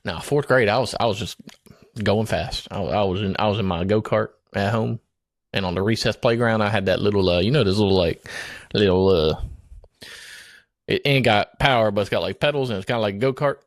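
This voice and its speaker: A man's voice: lowish voice, a little fast, no room sound, clean studio sound, close to an everyday voice. A man playing a dim-witted rural Southern guest in a comedic podcast, with a put-on Southern accent, rambling and drawling with giggly asides. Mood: amused. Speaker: guest in character. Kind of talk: comedic improv podcast character.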